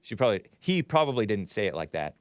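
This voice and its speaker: Man, show host, rambling commentary, sarcastic asides, frequent chuckles, animated pitch, dry close sound. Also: fast talker, clear, resonant tone, dry recording. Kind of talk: live commentary show, reading chat.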